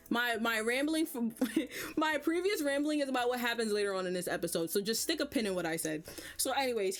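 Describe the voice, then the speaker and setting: A young woman talking through a reality dating show in a chatty, lively way. She slips into quick impressions of the cast, pitching her voice up or down for them, and keeps up a loose, casual rhythm. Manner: animated storytelling, acts out cast members' lines. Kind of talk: casual recap commentary.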